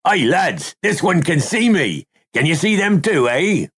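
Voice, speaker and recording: A man's voice: a little high, very animated, measured pace, slightly rough, voice pushed up, heavily acted. A man doing a scornful ghost thief. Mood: curious. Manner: sharp, impatient, hushed.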